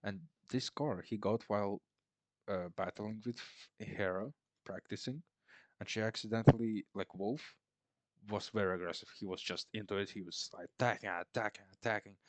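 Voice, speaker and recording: A man's voice: lowish voice, moderate pace, dry recording. A man casually recapping a film in a rambling, sarcastic way, mocking the characters. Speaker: film reviewer.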